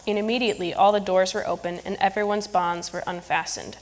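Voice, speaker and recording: A woman reading a Bible passage aloud in church, steady and measured. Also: mid-range voice. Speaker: scripture reader. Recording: long reverb in a church hall.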